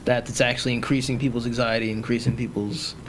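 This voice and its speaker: A man's voice: mid-range voice, flat delivery, fast talker, a bit bright, a little hiss or hum. A man hosting a podcast in casual chat, joking and teasing and laughing often. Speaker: podcast host.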